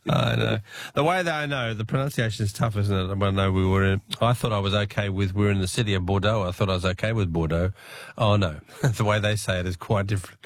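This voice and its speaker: A man's voice: lowish voice, fast talker. A man with an Australian accent hosting a radio quiz, chatting casually and laughing easily with callers. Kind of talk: casual talkback radio chat.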